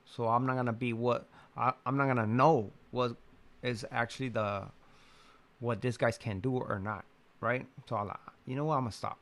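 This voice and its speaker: Young man, casual story, animated and loose, mid-pitched voice, chatty delivery. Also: normal speed. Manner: animated, laughs while telling, lots of fillers and restarts.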